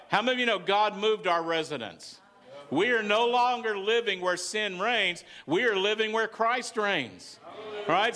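This Southern US pastor has a high-pitched voice with a bright, forceful tone. He delivers a conversational sermon in the church sanctuary, and his congregation answers with frequent calls of "amen."

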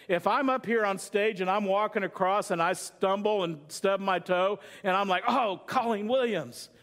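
A man's voice: high-pitched, steady tone, moderate pace, a bit bright, smooth. A middle-aged male pastor preaching a sermon with humorous illustrations, conversational, often asking the congregation questions.

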